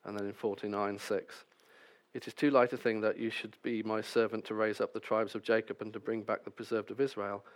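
A man's voice: on the low side, little pitch movement, brisk. A man preaching a sermon, reading scripture passages and then explaining them with wry, self-deprecating asides.

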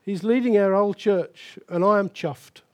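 A man's voice: high-pitched, unhurried, darkish tone. An older man preaching a sermon as pastor, emphatic and repeating key phrases for stress.

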